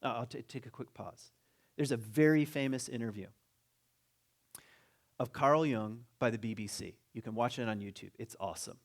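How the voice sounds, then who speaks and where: A man giving a conversational spiritual talk as guest teacher in a church, animated and jokey, reading quotes aloud slowly. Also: mid-range voice. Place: church sanctuary.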